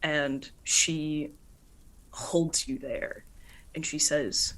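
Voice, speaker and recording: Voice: mid-range voice, fairly even intonation, extremely slow, pauses often, a bit bright, rough recording. A game master narrating a tabletop game in casual speech full of filler words. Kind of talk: tabletop role-play narration.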